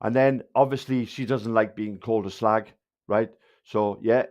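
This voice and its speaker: A man's voice: on the low side, fairly even intonation, moderate pace, a little mellow, soft background music. A man with a South Wales Valleys accent ranting angrily at viewers on a livestream, swearing and hurling insults. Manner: angry, insulting, heavy swearing.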